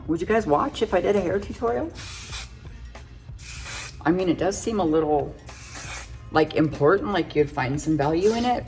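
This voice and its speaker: A woman's voice: sits low, darkish tone. A middle-aged woman chatting through a casual makeup tutorial, full of self-joking, giggly asides. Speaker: makeup vlogger.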